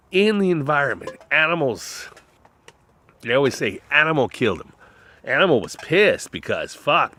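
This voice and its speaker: A man in a rambling, profane monologue whose voice swings between loud outbursts and low mutters. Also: a little hiss or hum.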